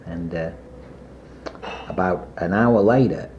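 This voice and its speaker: An older man being interviewed, telling a long personal anecdote in a rambling way with many pauses and fillers. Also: low-pitched, slight background noise. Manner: rambling anecdotal, frequent "uh" and asides. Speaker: interviewee recalling his past. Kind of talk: oral history storytelling. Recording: muffled archival tape.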